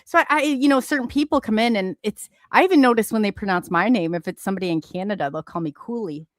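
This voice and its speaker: A woman's voice: medium pitch, fast, no room sound, studio quality. A woman from the American Midwest hosting a casual chat. She talks chattily and laughs often. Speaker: host.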